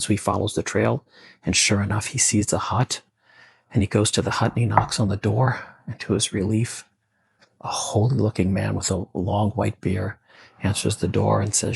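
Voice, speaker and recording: A man telling a story in a casual, conversational way with asides, his voice gravelly and husky. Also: fairly low pitch, little pitch movement, moderate pace, no echo. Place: bungalow colony.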